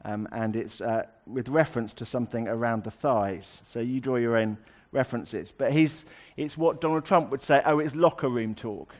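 A man's voice: mid-range voice, normal speed, few pauses. A man preaching a sermon, explaining a scripture passage in a conversational way with wry asides.

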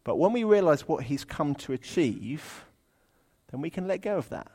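A man's voice: on the high side, lively intonation, moderate pace, darkish tone, slightly rough. A man preaching a sermon in a chatty, humorous way, animating the verses he reads aloud.

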